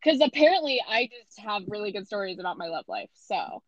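A woman's voice: medium pitch, very animated, fairly quick, dry recording, muffled recording. A woman in her twenties with a Midwestern American accent, co-hosting a podcast in a playful, self-mocking, chatty way. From Midwestern United States. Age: 20s. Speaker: podcast co-host. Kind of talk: casual podcast chat.

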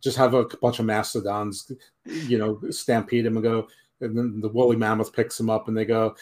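A man's voice: on the low side, level tone, moderate pace, a little mellow. A man co-hosting a podcast in casual chat, opinionated and rambling, often trailing off. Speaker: podcast co-host.

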